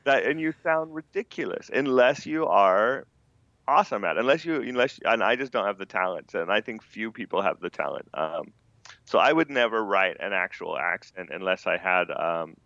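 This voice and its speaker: Male podcast guest, deep voice with a forceful edge, opinionated and chatty, dry slightly dull sound. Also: moderate pace, no room sound. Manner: animated, opinionated, frequent "you know" fillers. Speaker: manga translator guest. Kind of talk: podcast conversation.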